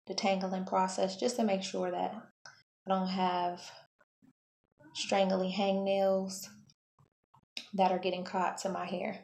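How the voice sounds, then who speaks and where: A woman hair vlogger talking through her wash-day routine in a relaxed, chatty way, often correcting herself mid-sentence. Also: mid-range voice, gravelly. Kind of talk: casual how-to vlog. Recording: echoey room, faint background hum.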